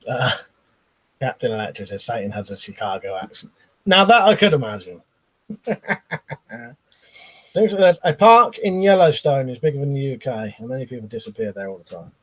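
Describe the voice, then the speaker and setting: A British man hosting a casual live stream, reading out viewer comments and chatting with a laugh, often trailing off into quiet asides. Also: medium pitch, sing-song, normal speed, long pauses, poor audio. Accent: British English. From Britain.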